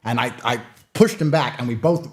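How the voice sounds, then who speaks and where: Blunt and provocative, a thirtysomething man in a sit-down interview tells stories and pushes his opinions emphatically. His voice is husky and mid-range, at a normal speed.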